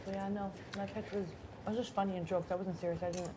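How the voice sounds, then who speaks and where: A woman's voice: medium pitch, little pitch movement, quick pace, noisy background. A woman chatting casually indoors in an offhand way, laughing between sentences, recorded on a clip-on body mic. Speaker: reality show contestant. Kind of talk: casual chat. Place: inside a house.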